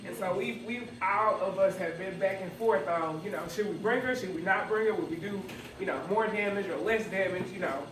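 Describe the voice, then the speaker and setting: A woman's voice: mid-range voice, brisk, hardly any pauses, noisy background. A woman giving a eulogy for her grandfather, talking conversationally and laughing through her grief. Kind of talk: emotional memorial speech. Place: church funeral service. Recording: echoey hall, distant mic, crowd.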